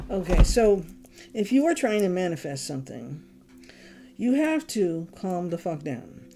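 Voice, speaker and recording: Woman, tarot reader; exasperated, blunt, swears; warm low tone. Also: slight background noise. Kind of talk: casual tarot reading. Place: home, candles lit.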